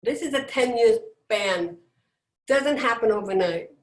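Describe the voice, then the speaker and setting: A middle-aged woman giving a personal motivational talk, emphatic and dramatic, with deliberate pauses, over a video call. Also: fairly high pitch, lively intonation. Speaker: motivational speaker. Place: indoors, at home on a video call. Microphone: video call microphone. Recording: roomy echo.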